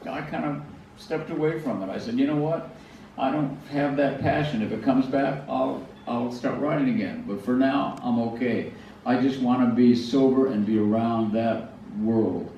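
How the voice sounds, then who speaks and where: An older man gives a storytelling talk at a museum in a large hall, sharing personal stories self-deprecatingly and often stammering and restarting. His mellow voice is medium in pitch and moderate in pace. The recording is distant, echoey and dull, with a little hiss or hum.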